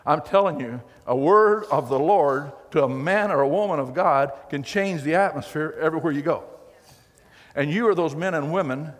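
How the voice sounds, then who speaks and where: A man preaching a sermon as pastor, telling the story in a folksy, animated way with acted quotes. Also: on the high side. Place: church hall. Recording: long hall reverb.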